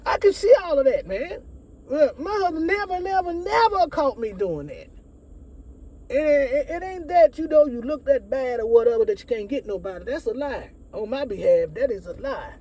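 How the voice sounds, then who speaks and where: A woman's voice: medium pitch, warm tone. Emphatic woman giving blunt relationship advice. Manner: emphatic and repetitive, talks straight to the audience. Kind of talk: casual advice monologue to viewers.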